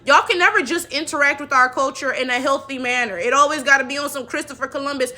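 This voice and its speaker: A woman hosting a reaction commentary video, talking in an animated, sassy way with laughing asides. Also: high-pitched, quick pace.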